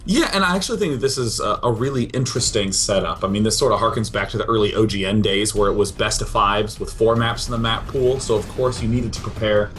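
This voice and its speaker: A man with a fairly low, slightly bright voice co-casts a live esports match. He's eager and full of jokes, laughing easily as he walks through the players and maps.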